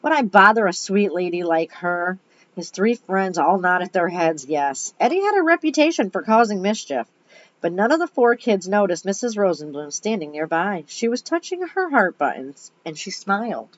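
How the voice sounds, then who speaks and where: A woman's voice: medium pitch, very animated, normal speed. A woman reading a children's book aloud, with chatty asides between passages. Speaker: reader. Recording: dull lo-fi recording.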